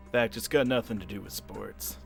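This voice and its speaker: A man voicing a gruff, suspicious older priest who washes dishes, speaking low and hushed. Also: brisk, over music.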